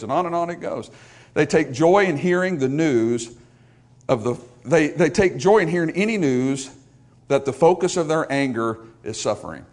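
Lively high-voiced male preacher. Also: moderate pace. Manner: emphatic, repetitive preaching with call-and-response. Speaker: pastor. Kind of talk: sermon.

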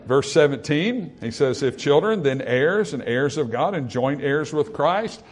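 Speaking at a measured pace, this man has a fairly high, expressive voice as he delivers a sermon. He reads from scripture and explains it simply and conversationally, with filler-laden asides and stretches that climb through repeated phrases and growing emphasis.

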